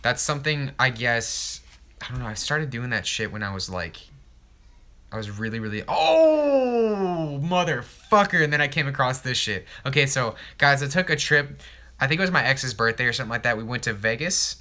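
A man's voice: medium pitch, brisk, pushed and bright. A man hosting a casual livestream, joking and mocking himself with lots of swearing while he cooks. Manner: profane, joking, self-mocking.

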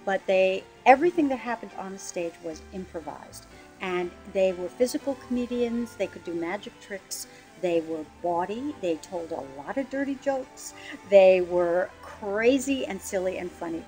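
A woman lyricist describing her musical in a relaxed interview, chatty and quick to laugh, with a few ums as she searches for words. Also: mid-range voice, faint music behind, rough recording. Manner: chatty, laughs easily, fills pauses with um. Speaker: lyricist and book writer. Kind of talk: casual interview explanation.

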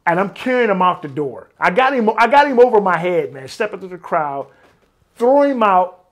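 A man recounts stories in a casual interview, his fairly high voice animated as he acts out other people's lines. He swears freely and caps many of his sentences with "man.". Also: normal speed. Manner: animated, swears often, keeps saying "man". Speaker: interview guest, former bodyguard. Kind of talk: casual storytelling.

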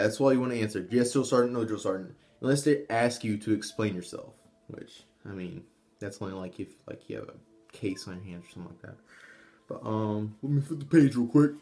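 Young guy, lowish voice, loose and profane, rambling vlog delivery. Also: darkish tone. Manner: rambling and profane, with frequent restarts and asides. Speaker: vlogger, army trainee. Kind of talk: casual tips monologue.

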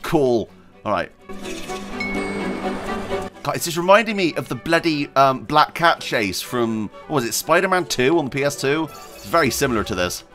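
A man commenting as he plays a video game, chatty and excitable, often squealing with delight. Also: mid-range voice, moderate pace, pauses often, music in the background. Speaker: gaming video host. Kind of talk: let's play commentary.

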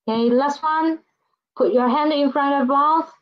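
Woman, language teacher, high voice, slow, repeats each word, dull lo-fi sound. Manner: repeats each word, asks class to read after her. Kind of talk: slow classroom pinyin lesson.

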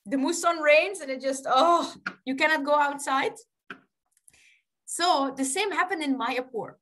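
A woman storyteller telling a story to children, animated, laughing often and asking them questions. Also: high-pitched, unhurried.

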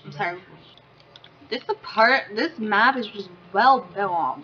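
A woman's voice: medium pitch, expressive, slow pace. A woman hosting a gaming channel, chatting casually over gameplay and coaxing her pet in baby talk. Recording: dull lo-fi with game crowd noise.

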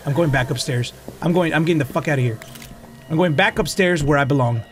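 A man playing a horror game and commenting, panicky and swearing, often shouting in fright and dropping Spanish exclamations. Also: a little high, fast, slight background noise. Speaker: gaming streamer.

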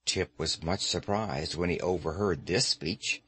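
A man narrating an audiobook with lively, expressive storytelling. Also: deep voice, a little slow, slightly rough, no room sound. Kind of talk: scripted narration.

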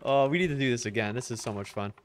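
A man streaming a game live, reacting excitedly with laughter and constant swearing while talking to his chat. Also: medium pitch, fast talker, slight background noise. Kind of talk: live gameplay commentary.

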